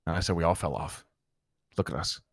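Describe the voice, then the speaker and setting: A man's voice: low-pitched, brisk, gravelly, fairly bright tone, no echo, clean studio sound. A man in character in an online roleplay, telling a heated, profane story to a friend. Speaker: roleplay gang member recounting events.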